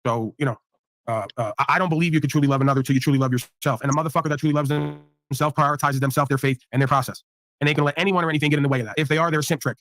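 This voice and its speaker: A man's voice: a little high, steady tone, racing, fairly bright tone, no room sound. A man hosting a livestream panel, preaching profane motivational talk to his guests. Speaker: panel host.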